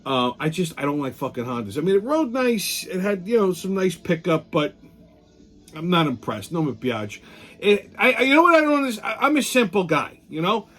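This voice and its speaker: A man's voice: a little high, sing-song, moderate pace, a bit bright. A middle-aged man, hosting a casual monologue show, blunt, profane and ranting. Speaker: podcast host.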